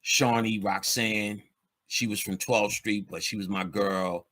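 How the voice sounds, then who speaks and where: A man's voice: lowish voice, steady tone, unhurried, sharp tone. A man, telling street stories in a loose, streetwise way with plenty of swearing. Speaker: podcast guest speaker. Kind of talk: casual storytelling chat.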